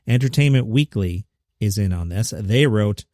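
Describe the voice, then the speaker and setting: A man hosting a comedy news podcast, delivering headlines with sarcastic, deadpan asides. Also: fairly low pitch, normal speed, dry recording, clean studio sound. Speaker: podcast host.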